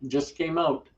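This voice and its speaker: A man co-hosting a casual live-stream chat, easygoing and quick to laugh at himself. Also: fairly high pitch. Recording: dull lo-fi audio, off-mic.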